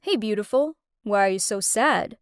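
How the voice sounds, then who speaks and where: Woman doing a mocking, smirking young street thug in an animated story. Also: mid-range voice, moderate pace, no room sound, studio quality, pitched below the performer's own voice, natural voice. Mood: taunting.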